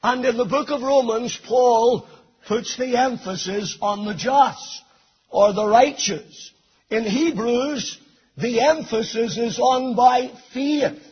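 Slow, husky-voiced male preacher. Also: extremely high pitch, highs cut off. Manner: slow, deliberate preaching with emphatic repeated phrases. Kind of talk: sermon.

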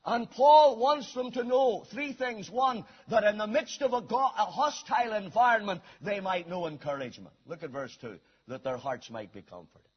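A man delivers a sermon in a very high, husky voice. He swings from ringing shouts down to hushed, low asides. The recording sounds dull and lo-fi. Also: lively intonation, normal speed, hardly any pauses. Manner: emphatic preaching, swings from loud shouts to low quiet asides. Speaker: preacher.

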